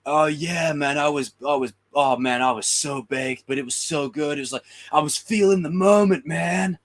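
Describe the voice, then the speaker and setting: A man's voice: a little high, normal speed, lightly acted. A man putting on the voice of a dazed young stoner drawling in slang. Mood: blissed-out. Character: laid-back stoner dude, young adult man.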